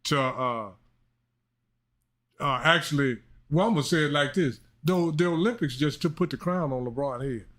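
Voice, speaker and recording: Bright-voiced man arguing sports. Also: fairly high pitch, moderate pace. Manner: emphatic, argumentative, laughs easily. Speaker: podcast co-host. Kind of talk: casual sports chat.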